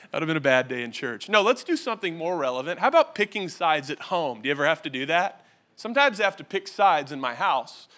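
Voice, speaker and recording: Bright-voiced joking pastor preaching to a church. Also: male voice, on the high side. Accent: Californian American. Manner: joking, conversational, asks the crowd questions. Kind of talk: humorous sermon. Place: church stage.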